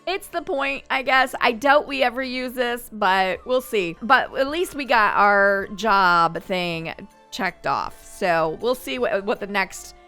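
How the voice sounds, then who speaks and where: A woman's voice: mid-range voice, slow pace, sharp tone, clean tone, faint music behind. A woman hosting a gaming channel, chatting and thinking aloud as she plays. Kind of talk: casual Let's Play commentary.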